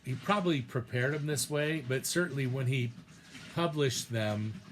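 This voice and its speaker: A man of ordinary pitch teaches preaching in an easygoing, rambling lecture. He hesitates often, backs up mid-sentence and sprinkles in fillers. Now and then he reads a short passage aloud from a text. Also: moderate pace, a little hiss or hum. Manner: loose and hesitant, with many fillers and restarts. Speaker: preaching instructor. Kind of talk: casual recorded lecture.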